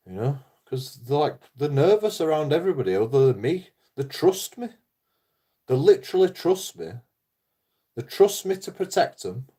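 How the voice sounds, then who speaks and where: A man's voice: mid-range voice, very animated, moderate pace, dark tone, husky. A man talking in a casual, rambling monologue, blunt and full of swearing, often laughing. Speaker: YouTuber.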